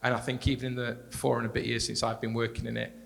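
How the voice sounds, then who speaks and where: A man speaking as a panelist in a live discussion, talking quickly and conversationally and repeating words as he restarts. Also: medium pitch, monotone, vocal fry, fairly bright tone. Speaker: panelist, director of strategic partnerships. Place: large hall at a live panel event. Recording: reverberant hall.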